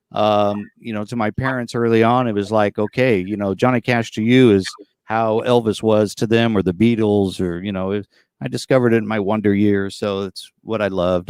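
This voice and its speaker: A man around forty speaks on a video call from the front seat of a tour bus, his voice sitting low and sounding close and dry. He tells his stories in an easygoing, rambling way, full of fillers. He is a guest recounting his life as a tribute performer. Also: gravelly, no echo. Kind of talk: casual storytelling interview.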